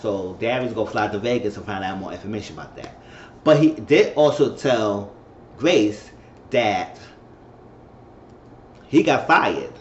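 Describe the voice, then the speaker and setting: A man giving a casual, chatty recap of a TV episode, repeating himself as he goes and now and then acting out characters' lines in a high falsetto. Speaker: TV episode reviewer. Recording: muffled, roomy recording with faint hiss.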